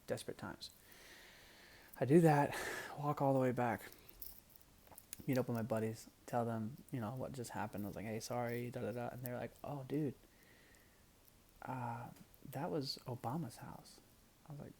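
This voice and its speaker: A young man casually telling a personal story to the camera, animated and laughing, dropping now and then to hushed asides. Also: medium pitch, moderate pace, pauses often, a little hiss or hum.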